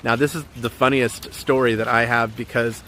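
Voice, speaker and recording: A man's voice: medium pitch, level tone, normal speed, sharp tone, a little hiss or hum. A man giving an earnest, encouraging coaching talk on relationships, repeating his key points as he goes. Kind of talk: motivational coaching talk to camera.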